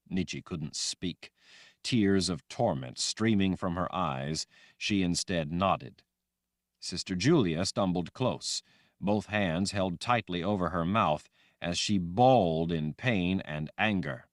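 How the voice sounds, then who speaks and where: A man reading a fantasy audiobook aloud in a dramatic, expressive way. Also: sits low, takes it slowly, no room sound, clean studio sound. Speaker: audiobook narrator. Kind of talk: scripted fantasy audiobook narration.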